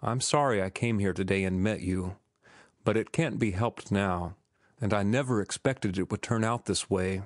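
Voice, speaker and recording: A man reading the part of a young former sailor who speaks gently and firmly, in measured audiobook dialogue. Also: on the low side, no room sound, studio quality, lightly acted. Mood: gentle.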